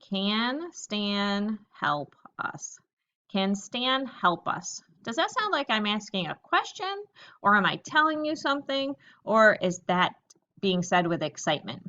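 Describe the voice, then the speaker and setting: A woman teacher giving a recorded lesson to young children, reading example sentences slowly and thinking aloud about each one. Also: lowish voice, big pitch swings, pushed and bright, dull audio.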